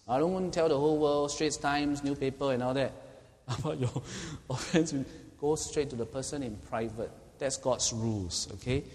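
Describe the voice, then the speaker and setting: A man's voice: mid-range voice, darkish tone. A man preaching a sermon as pastor, earnestly repeating key points and asking the congregation questions. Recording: hall reverb, faint ambience.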